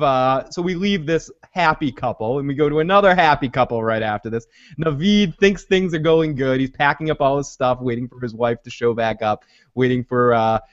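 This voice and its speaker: A man hosting a casual TV recap chat, rambling and profane, dropping into quick impressions of characters. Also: medium pitch, dull audio. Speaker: podcast host.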